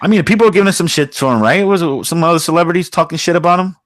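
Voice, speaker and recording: A man's voice: fairly high pitch, racing, no room sound. A man co-hosting a podcast, ranting bluntly in casual chat and calling himself a bit aggressive in the way he talks. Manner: blunt, profane, calls himself aggressive-sounding. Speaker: podcast co-host. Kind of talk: casual opinion rant.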